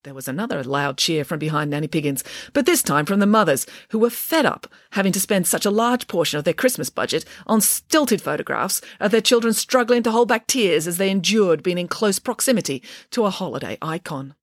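A woman's voice: on the low side, animated, brisk, hardly any pauses, dry recording. A woman, the author, reading her own comic children's story aloud in a dry, wry manner.

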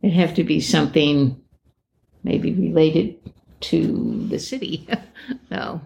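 A woman, co-hosting a casual crossword chat, quiet with short replies and frequent laughter. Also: deep voice, slow pace, vocal fry. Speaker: podcast co-host.

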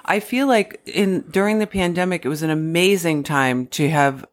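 A woman's voice: on the low side, moderate pace. Chatty upbeat woman co-host. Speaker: podcast co-host. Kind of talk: casual podcast chat.

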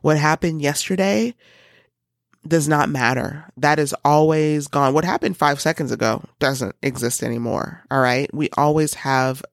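A woman's voice: deep voice, measured pace, no echo, studio quality. A woman hosting a coaching podcast, talking earnestly and loosely with many fillers. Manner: earnest, loose, full of "you know" and "um". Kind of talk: encouraging podcast monologue.

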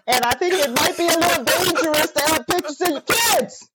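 A woman, a mother, co-hosting a casual chat, animated and opinionated, mimicking people in mocking voices. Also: extremely high pitch, a little fast. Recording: loud background hiss.

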